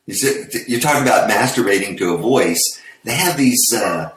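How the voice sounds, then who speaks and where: A man in casual podcast chat, measured and dry when telling a joke. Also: on the low side, expressive, a crowd in the background. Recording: roomy echo.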